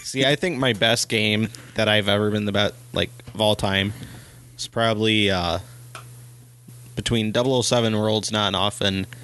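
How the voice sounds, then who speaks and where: A man's voice: lowish voice, steady tone, moderate pace, fairly bright tone, clear, resonant tone. A man co-hosting a casual podcast chat, dropping dry wisecracks. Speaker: podcast co-host.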